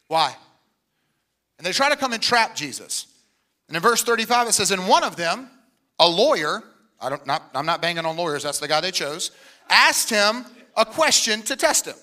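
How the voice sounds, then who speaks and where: A man's voice: sits high, animated, a little fast, sharp tone. A middle-aged male pastor preaching a sermon with energy and humor, often quoting people in put-on voices.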